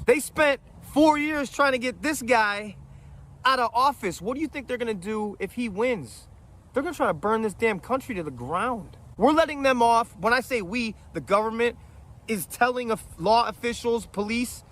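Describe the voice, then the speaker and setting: A man's voice: high-pitched, fairly bright tone. A man in his forties telling a story in a heated, blunt, profane monologue. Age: 40s.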